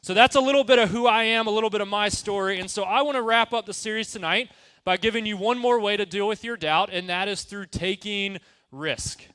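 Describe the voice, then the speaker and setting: A man giving a casual, energetic youth group sermon, often checking in with his listeners. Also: high voice, brisk, clear, resonant tone, dry recording. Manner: energetic, conversational, asks the room questions. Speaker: youth pastor.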